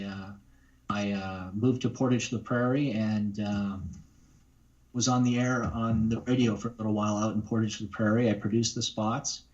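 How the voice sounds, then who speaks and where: A man's voice: fairly low pitch, darkish tone, lo-fi sound. A man, a voice actor, talking casually in an interview, rambling with many fillers and restarts. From Canada. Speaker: guest voice actor.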